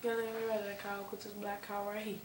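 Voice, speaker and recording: A young woman giving casual gameplay commentary, excitable and quick to swear and yell at the game. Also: mid-range voice, noisy background. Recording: echoey room, far from the mic, music behind.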